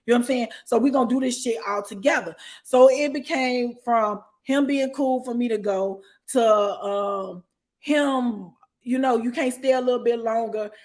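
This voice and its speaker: A middle-aged woman telling a story in casual chat, blunt and profane, often breaking into loud laughter and sudden shouts. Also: fairly high pitch, unhurried. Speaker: storyteller guest.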